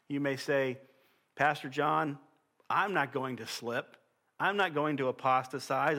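A man preaching a sermon as pastor, reading scripture aloud in an earnest voice, often falling soft at the end of a phrase. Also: on the high side.

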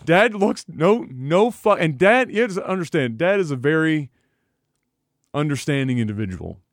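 A man co-hosting a podcast, telling a profane, animated story full of laughter in casual talk. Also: fairly high pitch, moderate pace, no room sound, clean studio sound. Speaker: podcast co-host.

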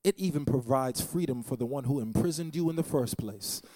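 A man's voice: medium pitch, a little fast, dark tone, no room sound. A man preaching a sermon as pastor, dramatic and repeating phrases for emphasis. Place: church.

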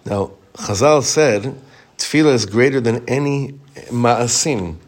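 A man teaching a Torah class as rabbi, reading text quickly and explaining it in chatty English. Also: medium pitch. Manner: reads Hebrew text fast, then explains it in relaxed English; chatty, with frequent restarts.

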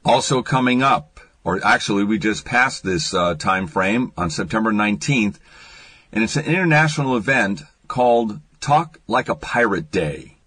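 Curious radio host man, husky. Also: on the low side, expressive, normal speed, a bit bright, no room sound. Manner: conversational, curious questioning. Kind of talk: radio interview.

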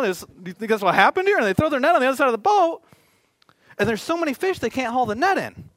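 A man's voice: high-pitched, big pitch swings, fast, fairly bright tone, no room sound. A male pastor preaching a sermon in a conversational way, with joking asides.

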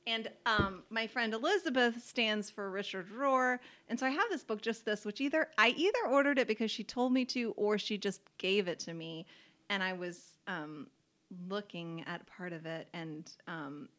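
A woman co-hosts a relaxed faith podcast in an easy conversational voice. She talks in a chatty way, full of "like" fillers, and laughs readily. She presses hard on the words that matter to her. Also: medium pitch, normal speed. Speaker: podcast co-host.

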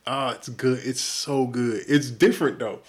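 Man, podcast co-host, casual storytelling, animated, profane, mid-pitched voice. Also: unhurried.

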